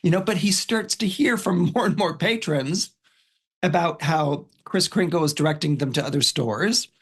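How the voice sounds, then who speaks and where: A man's voice: a little high, normal speed, slightly rough. A man on a podcast casually retelling a film's story in a rambling way, with many fillers and restarts. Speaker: astrologer and podcast guest. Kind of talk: casual retelling of a film plot.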